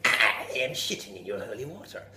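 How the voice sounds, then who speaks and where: A man voicing a devilish stranger who boasts in a big booming voice that drops to a hiss. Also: lively intonation, fairly quick, echoey room, natural voice. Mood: menacing. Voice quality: booming then hissing whisper.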